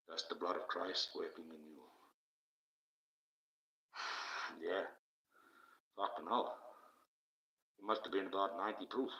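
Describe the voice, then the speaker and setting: A man's voice: fairly low pitch, pushed and bright. Profane rambling man, echoey and dull. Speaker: livestream host. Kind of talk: rambling livestream monologue. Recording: dull, echoey room sound.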